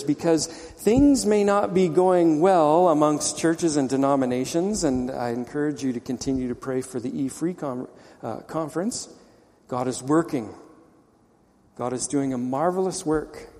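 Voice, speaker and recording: A man's voice: on the high side, a little mellow, long reverb tail. A man pastor preaching a conversational sermon, explaining scripture and asking rhetorical questions.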